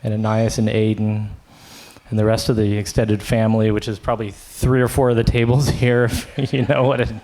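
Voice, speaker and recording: A man speaking as a friend at a memorial, talking casually and affectionately in a halting way. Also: lowish voice, little pitch movement, mellow. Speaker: friend giving a remembrance. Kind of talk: informal memorial speech. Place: memorial gathering.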